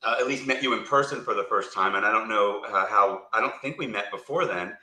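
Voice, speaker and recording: A man co-hosting a live-stream talk show, loud, rambling and joking from a small room. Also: lowish voice, brisk. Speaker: co-host. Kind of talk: casual live-stream chat. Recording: echoey room.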